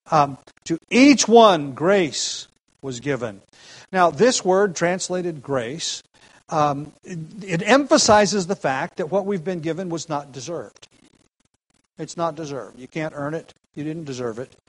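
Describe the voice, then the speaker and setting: A pastor preaching an expository sermon, explaining the text slowly and repeating key phrases for emphasis. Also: male voice, on the high side, rough recording.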